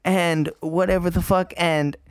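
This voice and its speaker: A man's voice: sits high, flat delivery, measured pace, clear, resonant tone, no room sound, studio quality. A young man telling a crude story among friends, swearing constantly and laughing as he talks. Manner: profane, laughing often while telling. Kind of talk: casual storytelling.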